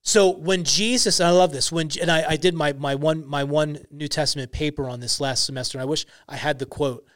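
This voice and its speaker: A young man talks earnestly on a faith podcast, stressing his points and leaning on casual fillers. His voice sits a little high. The sound is dry and close to the mic. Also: fairly quick, few pauses, fairly bright tone, no room sound. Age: young adult. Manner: earnest, emphatic storytelling with many "like" fillers. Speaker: podcast guest, ministry founder.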